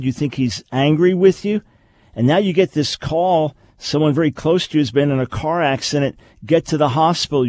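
A man's voice: a little high, darkish tone, no echo. A man hosting a radio talk show, teaching in an emphatic way and repeating his key phrases.

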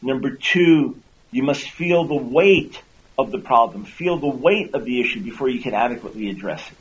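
A radio talk show host and Christian apologist earnestly teaches his listeners, repeating words as he builds each point and acting out quoted speech in a raised voice. His voice is medium-pitched and animated at a moderate pace, with the highs cut off.

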